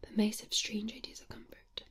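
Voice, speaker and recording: A woman's voice: normal speed, natural voice. A woman whispering as a cool, teasing lady passenger. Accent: Scottish. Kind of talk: whispered role-play.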